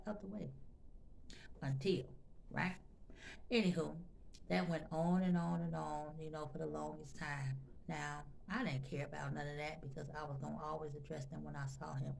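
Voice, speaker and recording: A woman's voice: deep voice, fairly even intonation, a little slow, vocal fry, long pauses, a little mellow, slight background noise. A woman vlogger telling a personal story to her viewers in a chatty, emotional way, often talking to them directly and repeating phrases for emphasis. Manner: emotional, intense when recounting.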